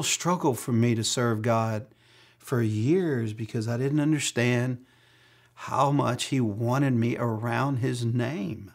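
A man's voice: medium pitch, slow, creaky. A middle-aged man preaching a sermon as pastor, mixing humorous personal stories with acted-out quotes.

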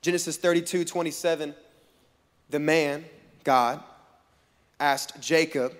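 A man with a voice on the high side takes it slowly while preaching to a live audience on stage in a large hall. His sermon includes a funny story, and he animatedly acts out its dialogue in voices and jokes with the crowd. The recording carries long hall reverb.

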